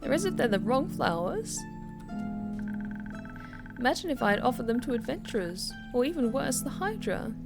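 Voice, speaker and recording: Woman voicing a shy, self-mocking tavern patron, hushed, fairly high, apologetic. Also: very animated, normal speed, gravelly, long pauses. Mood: sheepish. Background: background music.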